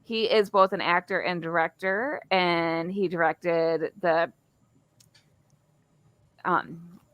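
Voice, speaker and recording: A woman's voice: fairly low pitch, steady tone, slow, no echo, muffled recording. A woman co-hosting a podcast, explaining an upcoming online event in a chatty way and stumbling over her words now and then. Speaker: podcast co-host. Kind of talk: casual chat.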